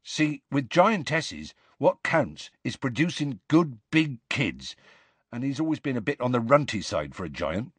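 A man playing a desperate soft-hearted giant. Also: medium pitch, very animated, unhurried, husky, no echo. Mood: anxious, explaining. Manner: earnest, desperate, rustic grammar. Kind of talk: audiobook character voice.

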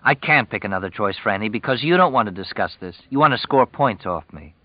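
A man's voice: fairly low pitch, expressive, a little fast, dry recording, muffled recording. A man voicing a frustrated, defensive young man who pleads and snaps by turns. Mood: pleading. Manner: pleading and exasperated.

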